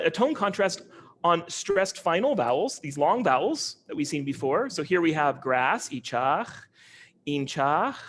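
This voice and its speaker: A man with a slightly higher-than-usual voice gives an online academic lecture. He explains step by step, pausing often with ums and restarting sentences as he goes. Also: fairly bright tone, slight background noise. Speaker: linguistics professor giving a lecture.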